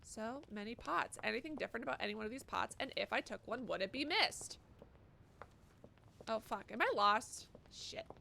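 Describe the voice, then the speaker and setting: A woman's voice: a little high, lively intonation, moderate pace, gravelly, sharp tone, a little hiss or hum. A young woman streaming a game live, chatting casually and cursing as she reads viewer messages aloud. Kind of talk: live gameplay commentary.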